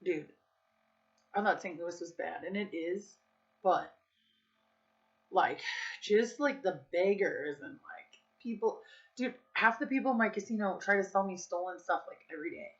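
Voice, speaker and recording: A woman's voice: mid-range voice, measured pace, long pauses. A woman vlogger in her thirties telling a story to her viewers in a frank, chatty way, full of "dude" and "like". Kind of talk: casual storytelling vlog. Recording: slightly dull lo-fi sound.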